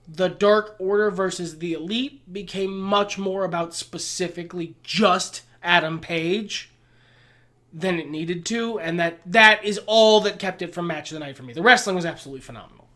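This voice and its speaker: A man's voice: sits high, bright, forceful tone. A man co-hosting a wrestling podcast, chatting casually, opinionated, swearing and laughing as he goes. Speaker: podcast co-host. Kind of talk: casual chat.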